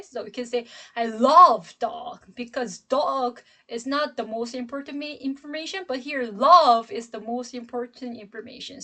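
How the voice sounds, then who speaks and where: Slow, bright-voiced woman teaching English. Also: on the high side. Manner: slow, emphatic, demonstrating intonation. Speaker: English professor. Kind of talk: classroom lecture.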